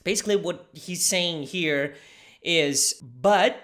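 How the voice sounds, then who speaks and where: A teacher from southern Brazil with a Brazilian accent, a native Portuguese speaker, talks through a casual language lesson. The delivery is patient and unhurried, stopping often to explain and repeat phrases. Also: mid-range voice, fairly bright tone.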